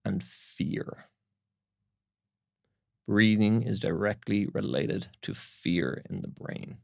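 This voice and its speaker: A man with a low, gravelly voice explains breathing as a guest on a podcast. He talks in a calm, teaching manner. The sound is close and dry, with no room echo. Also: slow. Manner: calm, instructive, tells anecdotes. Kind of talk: explanatory interview talk.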